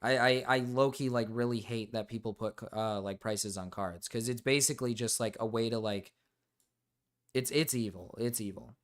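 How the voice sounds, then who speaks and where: A man's voice: mid-range voice, normal speed. Rambling young man streamer. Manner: rambling, swears freely, restarts sentences. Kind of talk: casual stream chat.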